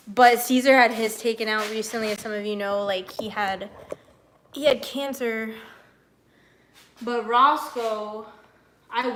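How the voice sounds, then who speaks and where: A woman's voice: on the high side, a bit bright. A young woman streaming from home, chatting loosely with viewers, laughing often and swearing casually. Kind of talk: casual live-stream chat. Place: her home.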